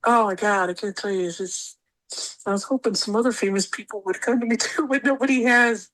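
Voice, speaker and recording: A woman with a somewhat high voice recounts a personal experience as a podcast guest. She talks in an animated, emotional way and circles back over the same phrases again and again. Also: brisk, poor audio. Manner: rambling, repeats herself, animated.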